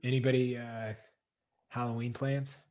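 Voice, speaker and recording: A man hosting a livestream chat over a video call from home, chatty and quick to laugh, often restarting his sentences. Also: mid-range voice, flat delivery, a little mellow. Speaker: livestream host.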